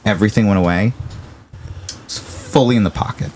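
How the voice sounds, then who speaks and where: Young comedian guest from Virginia, lower-pitched man, lively storyteller in a chat with light background noise. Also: a little fast. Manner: animated storyteller, acts out quoted voices. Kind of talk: casual interview storytelling.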